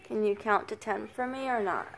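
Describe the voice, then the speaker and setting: An older woman, a grandmother babysitting, softly narrating a home video in an upstairs family room, often dropping to a whisper and coaxing the little ones. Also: medium pitch, normal speed, gravelly, soft background music. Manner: soft-spoken, often hushed to a whisper; coaxing, praising grandmotherly baby talk. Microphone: handheld phone camera.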